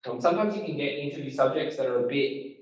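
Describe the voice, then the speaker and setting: A man with an Australian accent giving a casual talk on making podcasts, talking quickly with lots of fillers and stressed words. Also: mid-range voice. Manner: fast-talking, emphatic, loose with fillers. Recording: echoey room, voice from far off.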